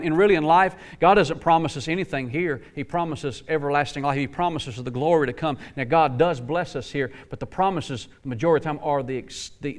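A man preaching a sermon, swinging from quiet, low passages to impassioned, climbing outbursts. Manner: impassioned, rising to near-shouts, then dropping low.

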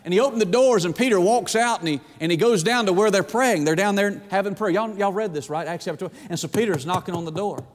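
Brief: pastor, man, animated pulpit delivery, high voice, long church-hall reverb. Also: fast talker, few pauses. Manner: animated preaching, dramatizing quoted prayers. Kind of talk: sermon.

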